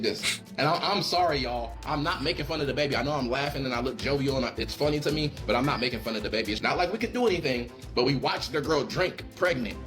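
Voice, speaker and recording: A man's voice: medium pitch, a bit bright. A man in a social media commentary clip, laughing through his talk and doing mocking impressions.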